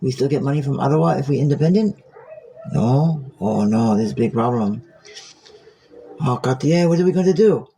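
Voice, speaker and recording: A man putting on an excitable, swearing Quebecois man with a Quebec French accent, exclamatory and drawn out. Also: medium pitch, gravelly, slightly rough. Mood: alarmed. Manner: exclamatory, cursing, drawn-out words.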